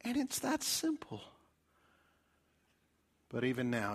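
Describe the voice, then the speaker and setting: Slow, dramatic male preacher. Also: medium pitch, wildly swooping pitch, creaky. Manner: dramatic, swings from loud appeals to hushed whispers. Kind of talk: evangelistic sermon. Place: church.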